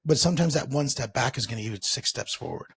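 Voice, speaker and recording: A man's voice: mid-range voice, lively intonation, quick pace, a bit bright, husky, dry recording. A man hosting a podcast, talking in an emphatic motivational way and repeating his key phrases. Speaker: podcast host.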